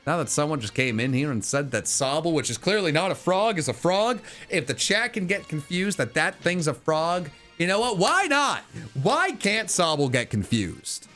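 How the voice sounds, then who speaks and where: A man's voice: a little high, lively intonation, normal speed, few pauses, a bit bright, soft background music. A man streaming a video game, playful and theatrical, talking to his chat. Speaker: gaming streamer. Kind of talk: live stream commentary and chat reading.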